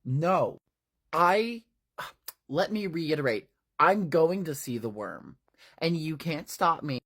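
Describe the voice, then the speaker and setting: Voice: medium pitch, animated, slow pace, fairly bright tone, voice pushed up, heavily acted. A narrator voicing a cocky teenage scout boy who talks back in a bratty, taunting way during a dramatized book retelling. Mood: defiant.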